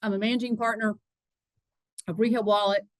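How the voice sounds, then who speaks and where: A woman's voice: mid-range voice, little pitch movement, brisk, no echo, poor audio. A woman with a Southern US accent hosting a business webinar in a chatty, casual way, with frequent fillers and restarts. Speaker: webinar host, lending partner. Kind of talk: casual presentation.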